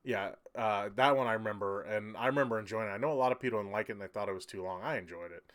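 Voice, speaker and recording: A man's voice: fairly low pitch, racing, a bit bright. A man hosting a casual livestream, rambling loosely and chuckling as he reads out viewer comments. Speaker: livestream host.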